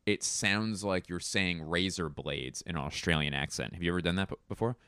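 A man's voice: low-pitched, expressive, brisk, hardly any pauses, a bit bright, clean tone, no echo, studio quality. A man casually riffing on accents in a rambling, crude manner, often laughing at himself. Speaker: comedy video host.

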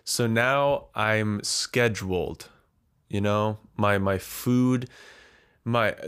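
A man with a fairly low voice talks slowly through his own solo podcast, a little out of breath after eating too much. He rambles in a self-deprecating way, stopping and restarting his thoughts. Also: fairly bright tone. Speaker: podcast host. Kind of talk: casual solo podcast monologue.

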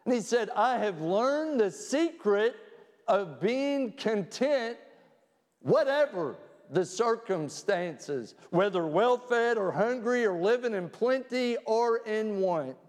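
A man preaching a sermon as a pastor, telling a story and quoting scripture with lively emphasis. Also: high voice, slow pace, in a large hall. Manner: storytelling, plays both sides of a joke in quotes.

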